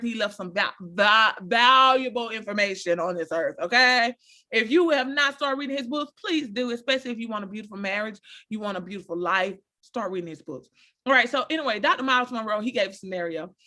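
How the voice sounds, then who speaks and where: Woman giving encouraging advice, kinda high voice, talks right to viewers. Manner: animated, repeats phrases, addresses viewers directly; preachy, encouraging. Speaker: motivational speaker. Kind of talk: casual advice talk to viewers.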